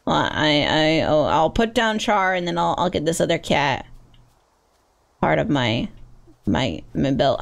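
A woman streamer giving casual game commentary, excitable and playful, squealing at cats and swearing when things go wrong. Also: on the low side, unhurried, gravelly.

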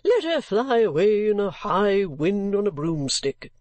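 A woman reading an audiobook voices a blunt, grumbling older gentleman with a lowered, gruff voice. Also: big pitch swings, measured pace, no room sound. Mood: irritated.

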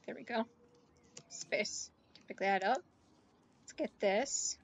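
High-voiced woman narrating her gameplay. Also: slow, vocal fry, husky. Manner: chatty, talks to game characters, gushes excitedly. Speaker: gaming YouTuber. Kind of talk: let's play commentary.

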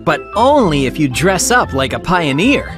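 A woman's voice: low voice, very animated, normal speed, over loud music, voice pushed down. A woman voicing a shy, earnest young schoolboy in a children's storybook. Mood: teasing. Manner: earnest, explaining. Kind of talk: storybook character voice.

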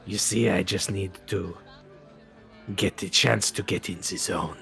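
A man's voice: high voice, sing-song, a little slow, gravelly, sharp tone, soft background music, pitched above the performer's own voice, full character voice. A man voicing a smarmy, scheming male gambler who drops French flourishes into his coaxing patter. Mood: hushed scheming.

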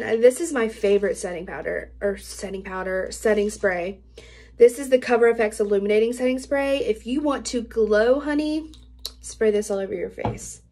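A woman's voice: on the high side, darkish tone. A young woman reviewing her favorite beauty products in a casual, gushing way, full of "like" fillers. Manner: bubbly, gushing, many "like" fillers. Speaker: beauty vlogger. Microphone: camera mic.

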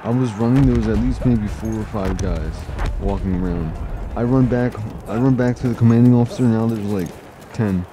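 A young man giving chatty gameplay commentary, excited and urgent at times. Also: lowish voice, normal speed. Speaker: gaming channel host. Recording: gunfire and game noise behind.

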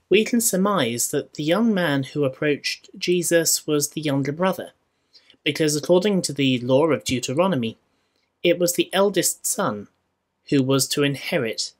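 A man with a Scottish accent preaching a sermon in church, measured and rhetorical, with dry humour. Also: on the high side. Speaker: minister.

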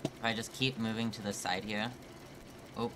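A man's voice: fairly low pitch, steady tone, normal speed, background noise. A man streaming a game live, thinking aloud, swearing often and laughing through his frustration. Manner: talks to chat, thinking aloud. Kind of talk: live gameplay commentary.

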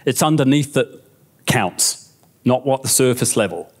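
A man with a New Zealand accent giving a lively, conversational keynote talk on stage, often checking in with the audience. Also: medium pitch, measured pace. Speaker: conference speaker. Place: conference stage.

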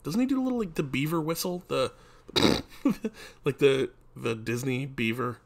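A man's voice: mid-range voice, moderate pace. A man rambling casually and self-mockingly into a close mic, trying out voices as he talks. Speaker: vlogger. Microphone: desk mic up close.

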